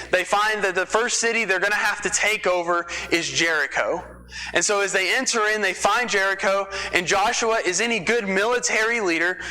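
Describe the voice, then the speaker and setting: A Texas man preaches a sermon in a church sanctuary, telling the story conversationally and sprinkling in folksy asides. His voice sits high, bright and forceful, and the church hall gives it a long reverb.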